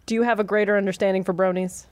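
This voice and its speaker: A woman's voice: mid-range voice, steady tone, racing, no room sound. A woman co-hosting a casual talk show, teasing and profane, laughing often. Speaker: podcast co-host. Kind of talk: casual chat.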